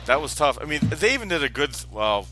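A man's voice: a little high, very animated, a little fast, over music. A man co-hosting a casual chat about a TV show, easygoing and laughing often, stumbling and restarting as he talks.

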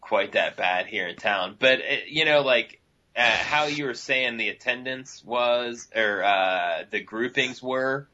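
A man co-hosting a casual podcast, talking in a hesitant, easygoing way with many pauses and fillers. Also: mid-range voice, bright, forceful tone, highs cut off. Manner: hesitant, lots of uh and restarts, easygoing. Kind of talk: casual chat.

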